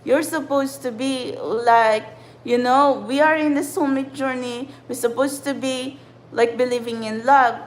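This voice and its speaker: A woman speaks in a high voice. She rants to her spiritual followers in an upset, frustrated tone and swears freely throughout. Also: low-quality recording. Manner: ranting, frustrated, swears often. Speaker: spiritual channeler and tarot reader. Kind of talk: impassioned livestream monologue.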